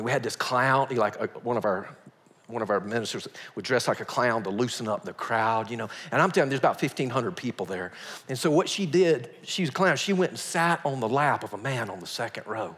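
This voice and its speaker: A male pastor preaching a sermon in a folksy storytelling way, swinging from hushed asides to loud outbursts. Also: medium pitch, creaky. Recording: long reverb of a large hall.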